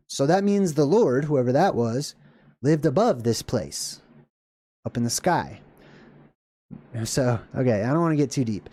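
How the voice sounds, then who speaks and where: A man hosting a casual talk video, reading a passage aloud and breaking off into rambling, excited asides. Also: mid-range voice, normal speed, dry recording. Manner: rambling, animated asides with laughs and restarts. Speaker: video host. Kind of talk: casual lecture reading and commenting on scripture.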